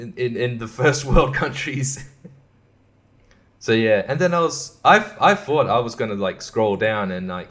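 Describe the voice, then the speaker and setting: A man hosting a podcast alone, rambling in a sarcastic, profane way and chuckling to himself. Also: mid-range voice. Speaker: podcast host. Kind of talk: casual podcast monologue.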